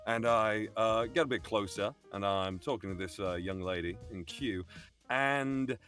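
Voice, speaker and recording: A man from England with a Birmingham accent tells a long, animated story with plenty of swearing and acts out the voices of the people in it. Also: fairly low pitch, a little slow, soft background music. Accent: Birmingham English. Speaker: guest telling a story. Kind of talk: animated storytelling on a live stream. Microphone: video call or streaming mic.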